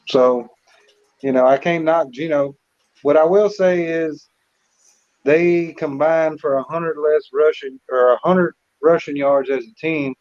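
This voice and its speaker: A man co-hosting a casual sports picks chat, relaxed and repeating words as he thinks. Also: fairly high pitch. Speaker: co-host. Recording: slightly dull lo-fi audio.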